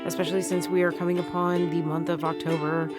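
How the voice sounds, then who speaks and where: A woman's voice: on the low side, level tone, fast talker, over loud music. Upbeat, emphatic woman podcast co-host. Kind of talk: casual chat.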